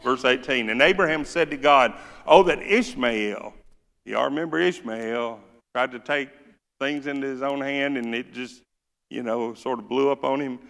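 A man's voice: mid-range voice, normal speed, vocal fry, fairly bright tone. A man preaching a sermon with a Southern accent, folksy and joking, reading scripture with rising force. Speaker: pastor. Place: church sanctuary. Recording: church hall reverb.

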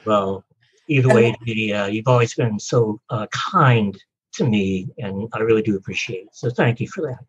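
Husky man telling stories, lo-fi. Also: lowish voice, normal speed. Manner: relaxed storytelling, frequent uh fillers. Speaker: guest author. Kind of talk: podcast interview.

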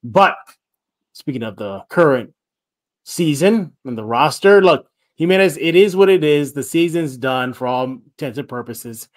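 Energetic sports podcast host, man. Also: fairly high pitch, unhurried. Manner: energetic, rambling, repeats himself. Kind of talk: sports podcast talk with read ads.

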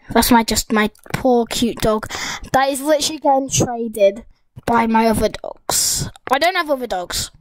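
A school-age girl giving excitable, rambling gameplay commentary as a gaming YouTuber, talking straight to her viewers. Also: a little high, normal speed, poor audio.

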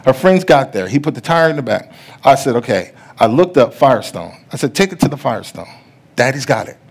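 A middle-aged man preaching a sermon as pastor, telling stories that act out other people's voices and building to loud preaching. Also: medium pitch, expressive, a little fast, breathy edge. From USA. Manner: storytelling, rising to loud preaching; acts out the voices in his stories.

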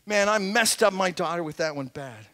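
A middle-aged man preaching as a pastor in a church, earnest and conversational, swinging between emphatic points and quiet asides. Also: high voice, animated, normal speed. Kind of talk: sermon. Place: church sanctuary.

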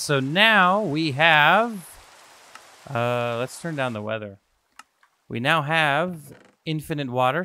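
A young man giving excitable, self-mocking let's-play commentary to his viewers as a gaming YouTuber. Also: mid-range voice, clean tone.

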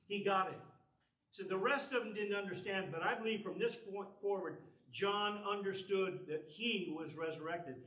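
Male preacher, earnest sermon, high bright voice, miked from afar in a roomy church. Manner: earnest, explanatory, reads scripture aloud. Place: church sanctuary. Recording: echoey church from far off.

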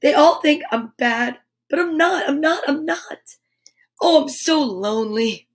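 A woman doing Noddy, a high little toy boy. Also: measured pace. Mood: sobbing. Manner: plaintive, emphatic repeating. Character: cheerful little toy boy driver, easily upset. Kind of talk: children's storybook read-aloud.

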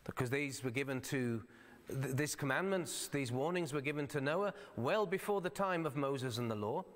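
A man's voice: medium pitch, expressive, moderate pace. Man, pastor, sermon, conversational explanatory delivery, old-fashioned scripture readings, church sanctuary with long reverb.

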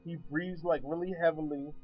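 A man's voice: on the high side, fairly even intonation, moderate pace, husky, muffled recording, faint music behind. A man giving a chatty, rambling movie review with a sarcastic edge, sitting back from his microphone. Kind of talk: casual spoken movie review.

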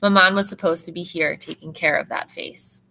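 A woman teacher reads a novel aloud to her class in steady, expressive first-person narration. Her voice is set on the low side but sounds bright and crisp. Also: moderate pace.

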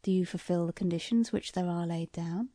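A woman voicing a shrewd, eager older lord who questions a visitor in a courteous, soft-spoken way. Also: lowish voice, brisk, no echo, clean studio sound, pitched below the performer's own voice, close to an everyday voice. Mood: probing.

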